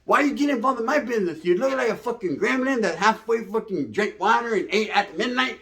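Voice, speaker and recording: A man voicing a big, hot-tempered ex-convict gang member who shouts insults. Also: high-pitched, animated, a little fast, voice pushed up. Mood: angry.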